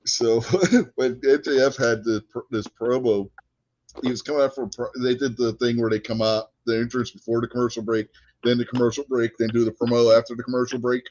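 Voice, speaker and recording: A man co-hosting a casual wrestling chat show, telling stories in an animated way and laughing often. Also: mid-range voice, brisk. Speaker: podcast co-host. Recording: dull lo-fi podcast audio.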